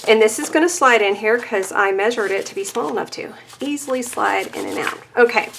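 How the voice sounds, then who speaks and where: A woman's voice: a little high, lively intonation, fairly quick, creaky, a bit bright, slight background noise. A chatty, self-deprecating woman giving a casual papercraft tutorial, laughing often and a little out of breath. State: a bit out of breath. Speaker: papercraft demonstrator.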